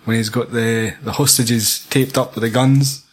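Husky Scottish man, casual and profane, rambles through film talk. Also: mid-range voice, steady tone, unhurried. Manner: sweary, rambling, laughs often.

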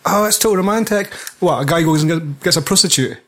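A man's voice: a little high, fast, fairly bright tone. A young man co-hosting a podcast, talking bluntly and crudely about a film with laughter. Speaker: podcast co-host. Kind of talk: casual film review chat.

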